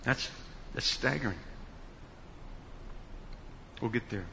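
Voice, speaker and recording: A man preaching a sermon as pastor, slow and emphatic, building to loud stressed words. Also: medium pitch, vocal fry, a little hiss or hum. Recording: dull sound with long hall reverb.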